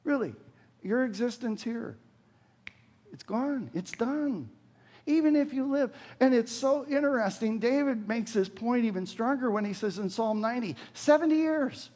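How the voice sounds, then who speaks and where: A man in his sixties preaching a sermon, earnest, rising sharply when quoting scripture and dropping low for emphasis. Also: moderate pace, darkish tone. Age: 60s. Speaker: pastor.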